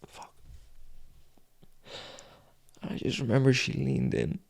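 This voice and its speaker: Gravelly low-voiced young man, confessional. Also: mellow. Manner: raw, frank and heavy with swearing; halting, with long pauses and sighs. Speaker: fitness vlogger. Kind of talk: confessional personal storytelling.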